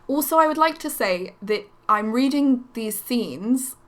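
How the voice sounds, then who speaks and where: A woman's voice: fairly high pitch, animated, unhurried, slight background noise. A woman in her twenties, a voice actress, chatting casually and sheepishly about her old work. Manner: self-deprecating, sheepish. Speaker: voice actress guest. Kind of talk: casual chat.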